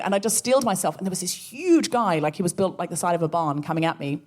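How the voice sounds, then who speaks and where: A woman co-hosting a comedy podcast, telling a story with animated energy and acting out the voices she quotes. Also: medium pitch, fast. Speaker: podcast co-host. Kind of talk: comic storytelling before a live audience.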